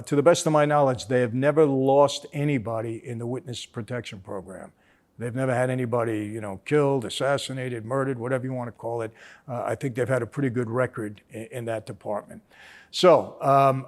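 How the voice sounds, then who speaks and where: An older man from the East Coast of the US, hosting and reviewing a film in a casual, storytelling way, with many fillers, acting out quoted lines. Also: medium pitch. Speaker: host reviewing a mob film.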